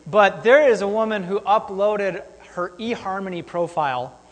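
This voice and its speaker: Chatty pastor guy, high voice, joking with the crowd, echoey hall. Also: moderate pace. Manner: casual, chatty, bantering with the congregation. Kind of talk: sermon. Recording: long hall reverb.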